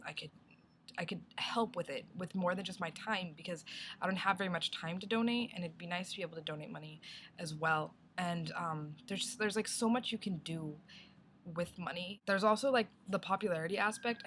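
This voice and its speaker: A woman's voice: lowish voice, a bit bright, a little hiss or hum. A young woman vlogging a casual video response, rambling and thinking aloud with many "like"s.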